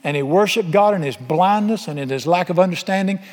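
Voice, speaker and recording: In a big church auditorium with a long reverb, a male pastor preaches briskly and emphatically, with a folksy manner and a stream of rhetorical questions for his congregation. His voice is high for a man but darkish in tone.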